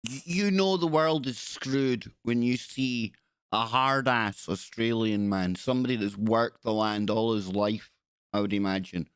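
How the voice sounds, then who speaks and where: A man's voice: medium pitch, a little slow, clear, resonant tone, dry recording. A man hosting a talk show, commenting indignantly and sarcastically on news clips and often repeating himself. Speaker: host.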